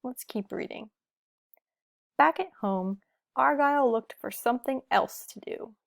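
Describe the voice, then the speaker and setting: A woman reading a picture book aloud to children, gentle and asking the listener questions. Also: fairly high pitch, unhurried, vocal fry, no echo, clean studio sound. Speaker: storybook reader.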